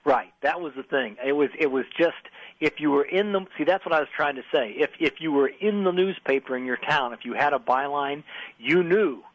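A man's voice: a little high, brisk. Older man telling newspaper stories. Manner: storytelling, many restarts, acts out voices in anecdotes. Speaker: author and guest. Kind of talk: radio interview, reminiscing. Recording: slightly dull radio audio.

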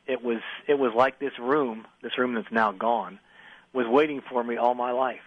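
An older man recalls his early years as a guest on a radio show, telling stories and breaking off to start his sentences again. His voice is of middle pitch, the studio sound is dry, and the audio is slightly dull. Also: fairly even intonation, normal speed, no echo. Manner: storytelling, many restarts, acts out voices in anecdotes. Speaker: author and guest. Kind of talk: radio interview, reminiscing.

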